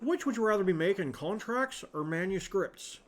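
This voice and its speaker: A man's voice: expressive, a little hiss or hum. A man voicing a pompous, cocky young lawyer who is also a monk, in a raised, theatrical voice. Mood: chummy. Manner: theatrical, raised pitch, loud and quick.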